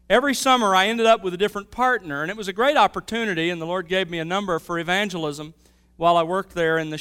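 A man preaching a sermon, telling a story and then moving into Bible teaching with a lively, varying delivery. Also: sits high, clear, resonant tone. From Mobile, Alabama area. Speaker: pastor.

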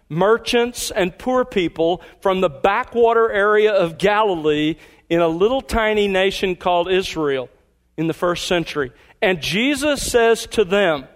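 High-voiced man preaching an emphatic sermon. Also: expressive. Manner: emphatic, teacherly, slows down on key phrases. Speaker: pastor.

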